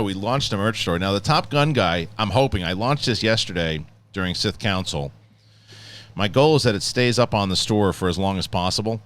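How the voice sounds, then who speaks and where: A man's voice: lowish voice, a bit bright. A middle-aged man hosting a podcast in casual chat, joking and sarcastic. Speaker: podcast host.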